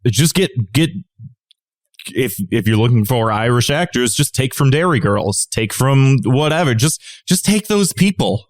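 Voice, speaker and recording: A man's voice: mid-range voice, lively intonation, a little slow. A man co-hosting a podcast in casual chat, rambling into exasperated, profane rants. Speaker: podcast co-host.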